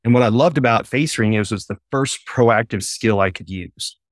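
Animated man explaining on a video call. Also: medium pitch, moderate pace, no room sound, studio quality. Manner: animated storyteller, eager and explanatory. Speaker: podcast guest, face-reading trainer. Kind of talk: casual interview chat. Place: home office with a bookshelf.

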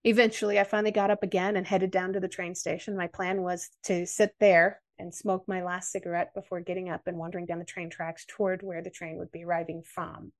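A woman's voice: on the low side, level tone. American woman telling a personal story. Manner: earnest, measured storytelling. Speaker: podcast guest.

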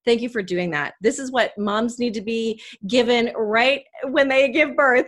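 This Canadian podcast host has a fairly high voice and speaks unhurriedly with few pauses. In an emotional interview, she recounts a personal story with heartfelt sincerity.

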